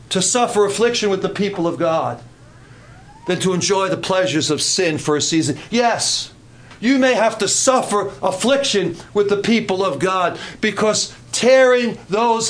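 An older man preaching a sermon in an animated, dramatic way, swinging between loud outbursts and hushed passages. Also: very high voice.

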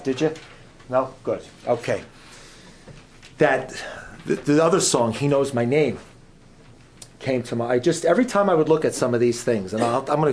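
A man's voice: medium pitch, slight background noise. A man giving an informal sermon as a guest preacher in a church, chatty and joking, often repeating his phrases.

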